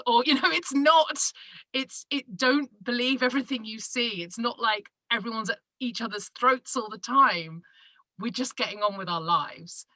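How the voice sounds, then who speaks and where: In this relaxed interview, an English podcaster and broadcaster with a Northern Manchester accent spins animated stories, laughing and voicing quotes as she goes. Her voice is a little high and her pace moderate, and the rough recording has no echo.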